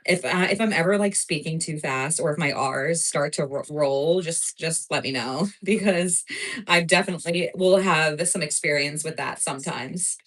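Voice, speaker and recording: A woman's voice: low-pitched, normal speed, a bit bright, rough recording. A woman from New Jersey with a New Jersey accent, hosting a live cooking stream in a chatty, rambling way full of filler words. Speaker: cooking show host.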